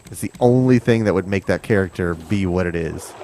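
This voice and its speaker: A lower-voiced man talks casually during a survival game stream, drifting into rambling, wry asides about the game. Faint noise sits behind his voice. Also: fairly quick. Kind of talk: casual gaming chat.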